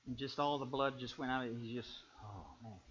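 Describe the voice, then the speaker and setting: A man preaching a sermon on marriage, animated, swinging between loud exclamations and quiet storytelling. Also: mid-range voice, normal speed. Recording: muffled lo-fi recording.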